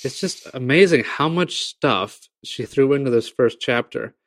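A man's voice: mid-range voice, expressive, a little slow, fairly bright tone, dry recording. A man hosting a casual book discussion podcast, talking enthusiastically and rambling a little. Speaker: podcast host.

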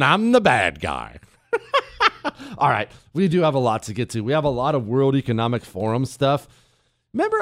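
A man hosting a talk radio show, telling stories in a casual, animated way and laughing at his own jokes. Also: mid-range voice, clear, resonant tone, dry recording, clean studio sound. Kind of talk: casual storytelling monologue. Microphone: studio mic.

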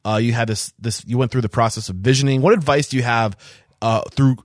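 A man's voice: medium pitch, dry recording. Host guy stumbling thru his questions, dry sound. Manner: halting, rephrasing questions. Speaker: podcast host. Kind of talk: interview questions.

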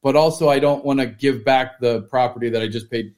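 A podcast co-host chats casually, his mid-range, darkish voice running a little fast with fairly even intonation. He jokes and rambles, packing his talk with "like."

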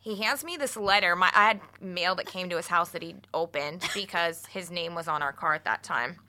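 A woman co-hosting a casual show, telling a long story in an animated, profane, laughing way. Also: lowish voice, fairly quick. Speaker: podcast co-host. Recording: studio mic, radio show.

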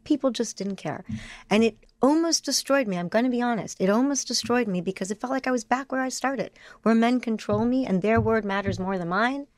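A woman giving a candid interview, speaking emotionally in rapid bursts with frequent restarts. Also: a little high, dry recording. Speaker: interview guest.

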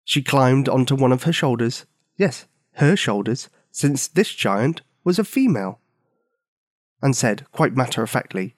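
Brief: male storyteller, animated pitch, playful asides, dry close-miked read. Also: a little slow, no echo. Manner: expressive, with playful asides to the listener. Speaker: narrator. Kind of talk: children's storybook narration.

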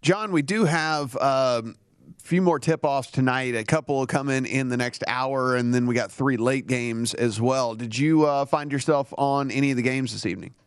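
Smooth-voiced man co-hosting a studio show. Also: mid-range voice, normal speed, no echo. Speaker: co-host.

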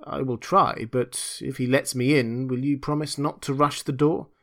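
A man's voice: medium pitch, steady tone, moderate pace, a bit bright, lightly acted. A man reading the part of a resolute police officer who speaks in firm, clipped sentences. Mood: wary. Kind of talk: audiobook character reading.

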